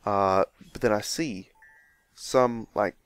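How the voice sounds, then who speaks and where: A man's voice: lowish voice, takes it slowly, clear, resonant tone, dry recording. A man commentating a let's play, telling a rambling story full of "like" and "um". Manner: loose, filler-heavy storytelling with lots of "like" and "um". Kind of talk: rambling dream story told over gameplay.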